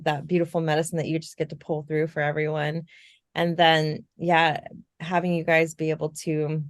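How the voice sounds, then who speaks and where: A woman's voice: deep voice, dry recording, clean studio sound. A woman guest author talking in an earnest, flowing way, often adding "you know". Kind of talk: casual podcast chat.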